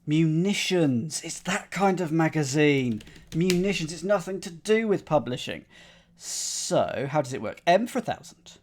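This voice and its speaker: A man's voice: a little high, expressive, unhurried, a little mellow. A man solving a crossword live on stream, thinking aloud in a playful, muttering way. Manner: playful, muttering to himself while reasoning.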